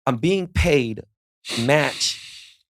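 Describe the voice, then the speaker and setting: A middle-aged man with a mid-range voice and lively intonation speaks extremely slowly. As a podcast guest, he casually tells laid-back, profane stories, acting out the quoted dialogue within them.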